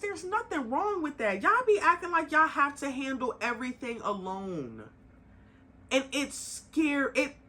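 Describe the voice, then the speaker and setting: A young woman runs her podcast like a straight-talking rant, bright and sharp in tone and sitting a little high. She is blunt and swears freely, her heat rising before she pulls herself back to calm. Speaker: podcast host. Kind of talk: casual monologue.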